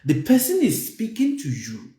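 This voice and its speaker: A man delivers a spiritual talk in a roomy, echoing space. His mellow voice swings widely in pitch, rising sharply whenever he stresses a point. He circles back and repeats phrases as he explains. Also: wildly swooping pitch, normal speed. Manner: emphatic, repeats phrases, voice climbs high for stress. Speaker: spiritual teacher. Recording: roomy echo.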